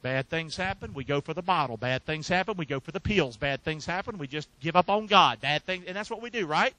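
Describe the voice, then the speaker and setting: Man, pastor, sermon, call-and-response, bright tone, dry recording. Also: a little high, expressive, brisk, no echo, low-quality recording. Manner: call-and-response preaching, asking the congregation to finish verses; jokes and laughs between points.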